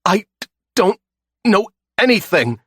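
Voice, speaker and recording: A man's voice: high voice, big pitch swings, slow, bright, forceful tone, husky, voice pushed up, exaggerated voice. A man voicing a terrified, beaten male captive who stammers and pleads. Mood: terrified pleading.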